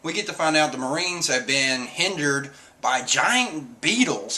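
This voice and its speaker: A man streaming casual talk, animated, cursing now and then. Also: a little high, measured pace. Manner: animated, swears, acts out quotes. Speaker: streamer reviewing a comic chapter. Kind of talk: casual chat.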